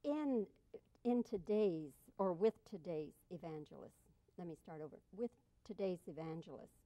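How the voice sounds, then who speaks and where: A woman interviewing an actor, asking direct questions briskly and laughing easily at his answers. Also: fairly low pitch, lively intonation, dark tone, no echo. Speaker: entertainment interviewer.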